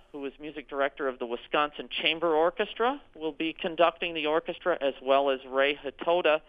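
An orchestra executive director answering radio interview questions, hesitant, with frequent ums and restarts. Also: male voice, fairly high pitch, clear, resonant tone. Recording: tinny phone line.

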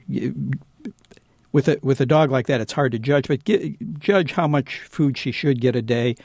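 A man who trains dogs, giving patient, halting advice to a caller on a radio call-in show in the studio. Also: mid-range voice, a little mellow, dry recording. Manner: halting, many restarts, patient explaining. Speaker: dog trainer, studio guest.

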